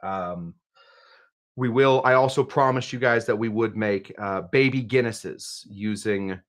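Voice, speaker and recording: A man's voice: on the low side, a little slow, fairly bright tone. A man hosting a live cocktail stream, chatting casually and rambling between topics while reading out viewer comments. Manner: rambling, jokey, reads out chat comments. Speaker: live cocktail show host.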